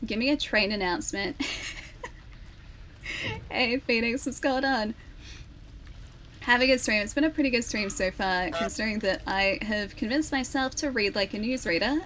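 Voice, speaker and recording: A woman's voice: fairly high pitch, normal speed, pauses often, a bit bright, slight background noise. A woman streaming a video game, chatting casually, laughing often and greeting viewers by name. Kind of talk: casual chat while playing a game.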